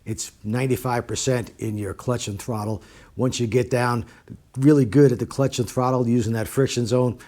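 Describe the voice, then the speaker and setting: Middle-aged male riding instructor, casual and direct, leans on repetition, dark relaxed tone. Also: medium pitch. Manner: plain-spoken, repeats points for emphasis. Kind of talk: casual talk to camera.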